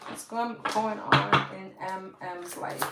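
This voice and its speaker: A woman with a medium-pitched, creaky voice and a New York accent hosts a live tarot reading stream. Casual and chatty, she speaks to viewers as "girl" and "guys," while her phone mic records a roomy, echoey space with slight hiss.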